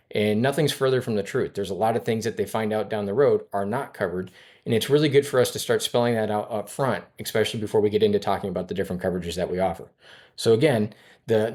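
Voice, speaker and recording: A man giving a sales training talk in a brisk coaching manner, acting out lines he would say to a customer. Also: fairly low pitch, a little mellow. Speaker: finance and insurance sales trainer.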